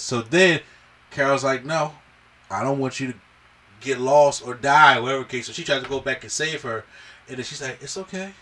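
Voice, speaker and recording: Here a podcast host with a mid-range voice, caught on a distant mic, walks through a film in an easygoing review. He tells it with energy, voicing the characters' lines himself.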